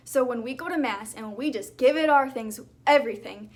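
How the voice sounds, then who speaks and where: Earnest chatty young woman, high voice. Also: fairly quick. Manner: earnest, chatty, many fillers. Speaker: faith vlogger. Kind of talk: casual talk to camera.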